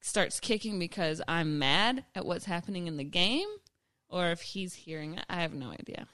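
A woman in her thirties co-hosting a casual podcast, with a slightly low voice. She talks in a relaxed way, laughs easily and tells stories with lots of energy. The recording is close and dry. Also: normal speed, dry recording. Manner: laughs often, animated storytelling. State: pregnant. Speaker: podcast co-host. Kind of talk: casual chat.

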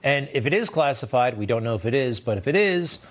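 A man hosting a TV news show, delivering sarcastic, animated commentary that leaps upward in pitch for emphasis. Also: fairly quick. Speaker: TV news host.

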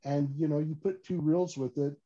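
A man telling stories about fishing rods in a casual interview, animated and full of restarts and "you know". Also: on the high side, normal speed. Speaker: fishing gear company guest. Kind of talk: casual podcast interview storytelling. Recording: slightly dull lo-fi audio.

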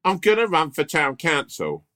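A man doing an exaggerated mocking impression of his friend, a man, in a high strained voice. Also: wildly swooping pitch, normal speed, pushed and bright, heavily acted. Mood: excited.

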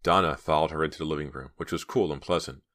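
Super deep guy reading a spooky teen novel out loud, dry close sound. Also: steady tone, fast talker, dry recording. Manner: reads all parts, raising his voice for the girls' lines. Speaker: audiobook narrator. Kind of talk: scripted narration with character voices.

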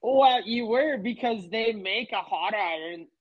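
A man's voice: high-pitched, measured pace, muffled recording. A man telling a work story in casual chat, laid-back, swearing freely. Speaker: podcast guest.

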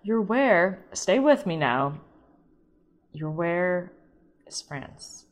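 Low-voiced playful woman podcast host. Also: sing-song. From St. Louis, USA. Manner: playful, chatty, self-mocking, quick asides. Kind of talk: casual solo podcast monologue.

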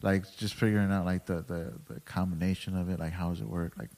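A man's voice: sits low, steady tone, fast, a little mellow. A young man in casual chat, asking curious questions in a laid-back way with lots of fillers.

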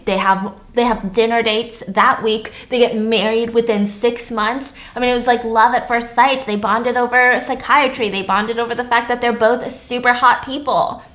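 A young woman casually retelling a novel's plot, chatty and expressive, slipping into character voices. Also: fairly high pitch. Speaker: podcast host retelling a novel. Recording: echoey room.

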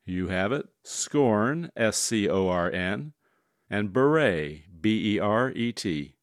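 A man running a word puzzle on radio, calmly spelling words out letter by letter and explaining the next challenge. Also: fairly low pitch, slow, no room sound, clean studio sound. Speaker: puzzle master.

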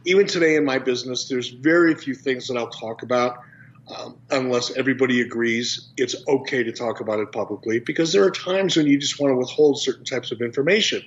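A man being interviewed as a guest, talking in a measured, businesslike way over a phone line. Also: mid-range voice. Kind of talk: casual interview.

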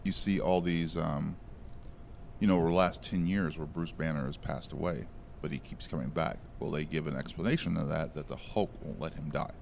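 A man's voice: a bass voice, steady tone, a little fast, gravelly, slight background noise. A man co-hosting a podcast, recapping a comic in casual chat with many fillers and restarts. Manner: rambling, filler-heavy recapping. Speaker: podcast co-host.

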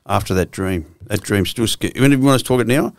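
Gravelly older Australian man, blunt and profane. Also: lowish voice, normal speed, no echo, studio quality. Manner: blunt, profane storytelling with frequent restarts. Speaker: guest. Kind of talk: candid storytelling interview.

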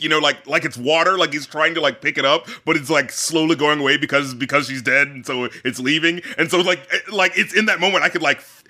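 A man in casual conversation, rambling with many fillers and acting out scenes in quick impressions. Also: fairly high pitch, sharp tone. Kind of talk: casual movie discussion.

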